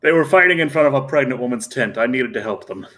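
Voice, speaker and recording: A man's voice: medium pitch, expressive, fast, pushed and bright. Earnest man playing a tabletop game. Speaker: player.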